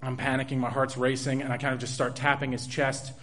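A young man telling a true personal story in an earnest, halting way, with restarts and soft laughs. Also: mid-range voice, level tone.

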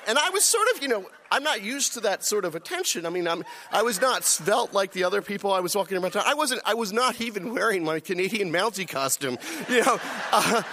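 Man with a high voice, middle-aged, storyteller, self-deprecating, laughs along. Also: bright, forceful tone, slight background noise. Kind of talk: personal story told to an audience.

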